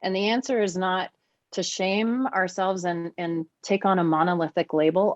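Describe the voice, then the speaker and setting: Animated low-voiced woman, dull recording. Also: normal speed, dry recording. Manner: animated, warm and expressive, with big swings in pitch. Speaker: podcast guest and teacher. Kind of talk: conversational podcast interview.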